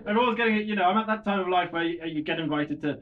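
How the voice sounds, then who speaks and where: Halting man doing shy stand-up. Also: high voice. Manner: hesitant, self-deprecating, halting restarts. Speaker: stand-up comedian. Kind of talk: stand-up routine. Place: small comedy bar stage. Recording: lo-fi club recording with audience laughter.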